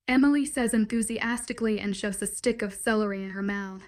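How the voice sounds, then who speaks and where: A woman tells a first-person story in a steady, even reading voice. She sits at a medium pitch for a woman and keeps an unhurried narrating delivery.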